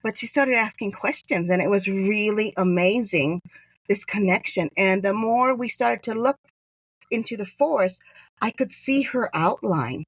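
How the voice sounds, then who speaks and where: A woman's voice: medium pitch, a little slow, husky, no room sound. A woman from Hawaii, a podcast guest, telling a story in a casual chat and acting out the lines of the people in it. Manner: chatty, acts out quoted dialogue.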